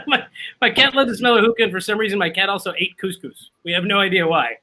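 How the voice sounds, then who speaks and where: A man's voice: high voice, brisk, sharp tone, rough recording. A man hosting a casual chat over drinks, laughing often and making fun of himself. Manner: laughs often, self-mocking.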